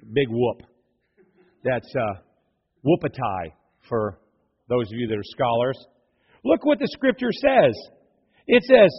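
Animated high-voiced preacher in a reverberant church. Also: male voice, slightly rough. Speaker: pastor. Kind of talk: sermon. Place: church sanctuary. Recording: dull lo-fi church hall reverb.

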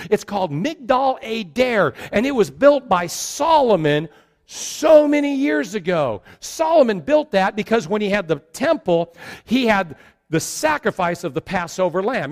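A middle-aged man preaching a sermon as pastor, acting out the people in the story as he retells it. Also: sits high. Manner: animated, acts out quoted characters.

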